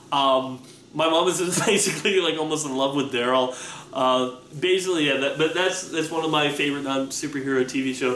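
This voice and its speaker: A young vlogger answers viewer questions in a casual chat, telling stories animatedly with excited, rising pitch and many restarts. The room is echoey with faint ambience and a little hiss or hum.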